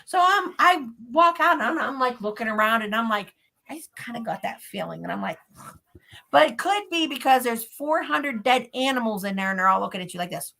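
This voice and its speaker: Lively bright-voiced woman telling a story. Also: fairly high pitch, brisk, gravelly. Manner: animated, acts out her own reactions in quotes. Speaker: podcast host. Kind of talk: casual storytelling chat.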